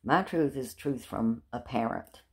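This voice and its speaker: A woman's voice: rumbling low, unhurried. A middle-aged woman, rambling chattily to her phone camera in a casual vlog. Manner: rambling and chatty, with repeated words and self-mocking laughs. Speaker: vlogger. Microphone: handheld phone.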